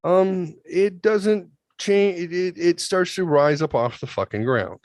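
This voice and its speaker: A man in his thirties telling a story in a casual, profane, animated way, swinging between loud outbursts and quiet asides. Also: high-pitched, unhurried, no room sound. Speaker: podcast host.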